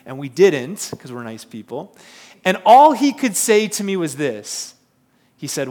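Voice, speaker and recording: A man preaches and tells a story with lots of energy, now and then putting questions to the crowd. His voice sits fairly high for a man. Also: big pitch swings, measured pace, darkish tone. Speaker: pastor. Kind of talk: sermon with a personal story.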